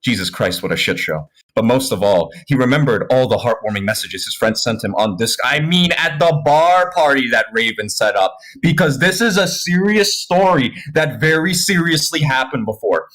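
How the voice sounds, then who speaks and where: A man narrating a comedic fan fiction read-aloud on a voice call, with deadpan asides and crude jokes. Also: medium pitch, normal speed, hardly any pauses.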